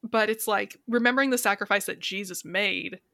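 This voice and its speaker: Woman co-host, chatty storyteller, bright and dry. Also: medium pitch, fairly quick, vocal fry, no room sound. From raised Catholic. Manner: chatty, storytelling with lots of fillers. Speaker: podcast co-host. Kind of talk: casual film discussion.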